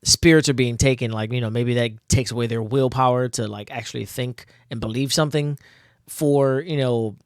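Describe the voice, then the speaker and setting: A man's voice: medium pitch, steady tone, normal speed, clear, resonant tone, no room sound, studio quality. A man casually reading through his own old comic, laughing a lot and poking fun at himself with many fillers. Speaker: comic artist reviewing own old work.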